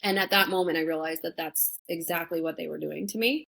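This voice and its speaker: A woman's voice: lowish voice, a little fast, gravelly, fairly bright tone, poor audio. A young adult woman, a guest on an interview show, talking candidly and bluntly, with frequent swearing and lots of "like" and "you know" fillers. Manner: emphatic, blunt, swears freely. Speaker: interview guest, former reality show contestant.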